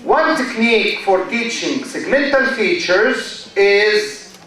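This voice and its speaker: A man's voice: high-pitched, takes it slowly, fairly bright tone, slight background noise. A man with an Egyptian accent, a university lecturer giving a classroom lecture, who repeats key terms and keeps checking with "okay?". His native language is Arabic. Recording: echoey hall, voice far from the mic.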